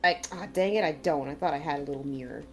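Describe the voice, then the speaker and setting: A woman's voice: deep voice, fast, darkish tone, a little hiss or hum. A woman player thinking aloud about her character's inventory in a chatty way. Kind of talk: tabletop role-play.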